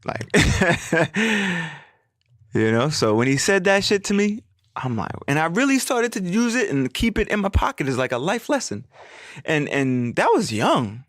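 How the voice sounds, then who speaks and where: Animated, rambling young man hosting a podcast. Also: on the high side, moderate pace, no echo, clean studio sound. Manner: rambling, animated, swears a lot, acts out quoted friends. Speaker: podcast host. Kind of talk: casual solo podcast storytelling.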